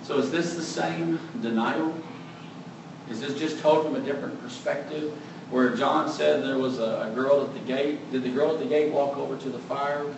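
A man giving a conversational Bible teaching, relaxed and thinking aloud, openly admitting what he is unsure of. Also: mid-range voice, moderate pace, gravelly. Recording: very echoey room, mic far off, faint background noise.

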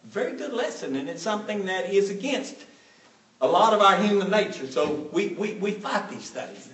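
Emphatic preacher in an echoey room. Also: male voice, high voice, big pitch swings, normal speed, a bit bright, far from the mic. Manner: emphatic, repeats phrases for stress. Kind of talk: sermon.

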